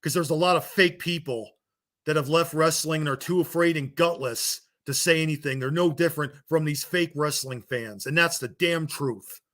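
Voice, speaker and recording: A man's voice: a little high, moderate pace, a bit bright. A man delivering a heated, blunt rant to his viewers, swearing and scolding them as a wrestling vlogger. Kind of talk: angry rant to camera.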